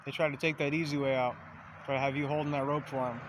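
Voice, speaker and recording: A man's voice: mid-range voice, little pitch movement, fast talker, noisy background. A man in a casual, rambling monologue, swearing freely and meandering through a running metaphor with self-aware asides.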